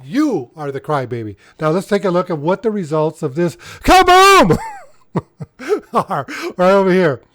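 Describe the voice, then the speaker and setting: A man's voice: high-pitched, sing-song, unhurried, fairly bright tone, dry recording. Mocking, laughing male commentator. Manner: mocking and sarcastic, laughs often; rambling, restarts mid-sentence. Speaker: channel host. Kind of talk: casual commentary on war news.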